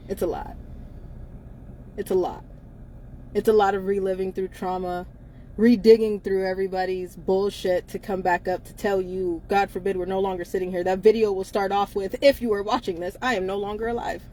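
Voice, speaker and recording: A woman's voice: mid-range voice, flat delivery, moderate pace, mellow. Woman live chatting from her car, blunt and emphatic, laughs a lot, bit of engine hum behind. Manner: blunt, emphatic, laughs often between lines. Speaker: co-host of a live chat. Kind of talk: casual live-stream chat. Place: inside a car.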